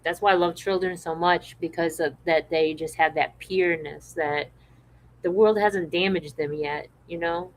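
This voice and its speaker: Woman podcast host, low-pitched, relaxed casual chat, reads comments aloud. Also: normal speed, low-quality recording. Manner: relaxed and conversational, with frequent restarts.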